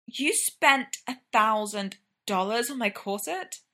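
A woman's voice: on the high side, lively intonation, slow, pushed and bright, full character voice. A woman voicing a flustered young woman laced into a tight corset, whiny and exclamatory. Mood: frantic.

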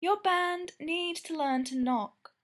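A woman's voice: very high voice, takes it slowly, pitched above the performer's own voice. A woman reading a story aloud, voicing a bold, impatient young woman with a blunt, demanding manner.

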